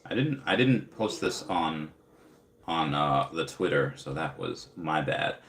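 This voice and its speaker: A young man with a very low voice chats loosely on a livestream, rambling and packing his talk with fillers as he answers viewers. His voice carries a roomy echo off the walls around him. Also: lively intonation, a little slow, a bit bright, slight background noise. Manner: rambling, filler-heavy, upbeat. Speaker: livestream host. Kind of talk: casual live chat reading viewer comments.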